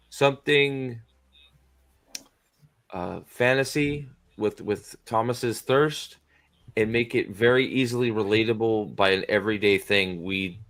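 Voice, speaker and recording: A man in casual book-discussion chat, profane and animated, acting out scenes as he retells them. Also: mid-range voice, dry recording. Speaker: podcast host.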